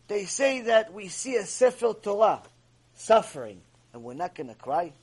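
Husky, high-voiced man teaching Torah. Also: very animated, normal speed, darkish tone. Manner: emphatic and repetitive, with many rhetorical questions. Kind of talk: mussar lecture.

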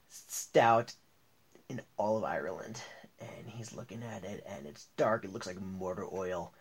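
A man hosting a motivational podcast, talking in an upbeat, chatty way with a few fillers and restarts. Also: mid-range voice. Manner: upbeat, reads ads and tells jokes with restarts and fillers. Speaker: podcast host.

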